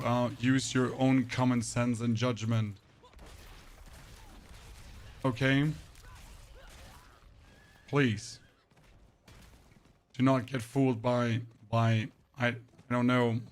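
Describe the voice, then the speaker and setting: A slightly hoarse man giving casual, rambling commentary while streaming a game, joking with his chat. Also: medium pitch, little pitch movement, takes it slowly, long pauses. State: a bit hoarse.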